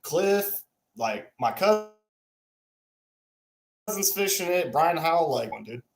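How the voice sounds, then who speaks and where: A man's voice: a little high, lively intonation, slow pace. A man co-hosts a live fishing show from his home. His talk is loose and slangy as he greets viewers one after another by name over a computer mic. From Texas. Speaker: podcast co-host. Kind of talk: casual livestream chat. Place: home room.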